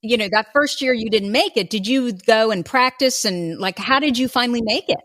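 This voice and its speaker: A woman's voice: fairly high pitch, fairly quick, a bit bright, dry recording, clean studio sound. A woman hosting a podcast, asking friendly, curious questions in a casual chat. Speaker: podcast host.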